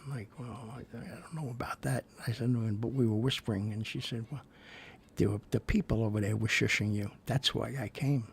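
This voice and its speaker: A man's voice: medium pitch, fairly even intonation, a little fast, gravelly, a little hiss or hum. A male show host telling rambling personal stories and reacting to the news, full of fillers and restarts, turning indignant.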